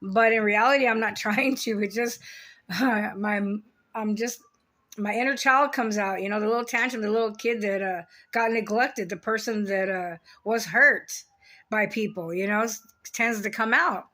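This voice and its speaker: Blunt, foul-mouthed woman with a bright voice. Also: medium pitch, normal speed. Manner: blunt, heavy swearing, rambling with restarts. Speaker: vlogger. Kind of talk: casual confessional monologue.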